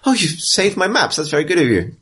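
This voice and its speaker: A man's voice: a little high, very animated, brisk, fairly bright tone, pitched above the performer's own voice. A man putting on a raised voice to play a flustered woman councillor. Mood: relieved.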